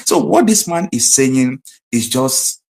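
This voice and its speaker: A man's voice: mid-range voice, sing-song, slow pace, gravelly, a little mellow. A man with a Nigerian accent hosting a live political commentary stream, impassioned and repeating his points for emphasis.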